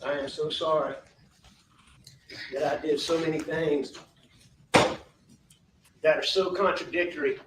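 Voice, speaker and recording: A man addresses a courtroom in a slow, halting statement, repeating his apologies with a fairly high voice. The sound is roomy and reverberant, picked up from a distance with a faint hiss beneath. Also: steady tone. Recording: echoey distant courtroom audio.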